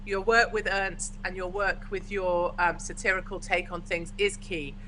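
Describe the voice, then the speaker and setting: A woman's voice: lowish voice, flat delivery, normal speed, bright, forceful tone, slight background noise, rough recording. A forthright, opinionated English woman from the UK, chatting as a guest in a casual video-call conversation. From United Kingdom.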